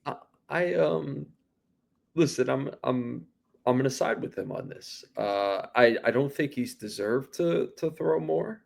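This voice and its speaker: A man's voice: mid-range voice, expressive, a little slow, gravelly, a little mellow. A man co-hosting a sports podcast, rambling with lots of restarts and casual swearing. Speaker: podcast co-host.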